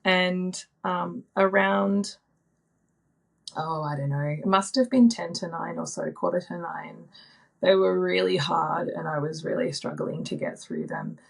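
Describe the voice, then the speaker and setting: A woman in her thirties, a podcast guest telling a personal story in a soft, reflective way with frequent ums and likes. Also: fairly low pitch, unhurried, creaky, breathy edge. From Australia.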